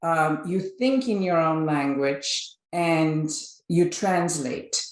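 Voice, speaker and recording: A woman's voice: deep voice, slow. A woman in her fifties from Belgium, a native Flemish speaker with a Belgian accent, telling her story animatedly as an interview guest, often restarting and adding "right?". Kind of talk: conversational interview. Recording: roomy echo.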